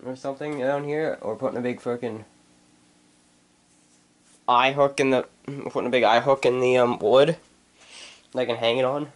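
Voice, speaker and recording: Inside a house, a man vlogs on a handheld camera, ranting angrily and swearing constantly out of frustration. His mid-range voice stays steady at a moderate pace, broken by long pauses.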